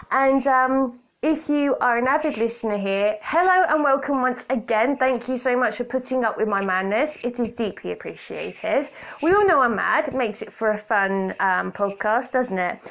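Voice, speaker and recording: Chatty woman rambling on her podcast, bit high voice, jokey asides, hands-free kit mic. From Britain. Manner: chatty, self-mocking, playful asides. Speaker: podcast host. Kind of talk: casual solo podcast chat. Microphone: borrowed hands-free kit headset.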